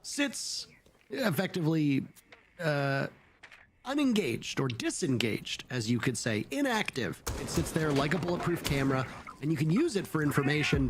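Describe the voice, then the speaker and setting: A man calling esports play-by-play, excitable and rising at big plays. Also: mid-range voice, noisy background. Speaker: play-by-play caster.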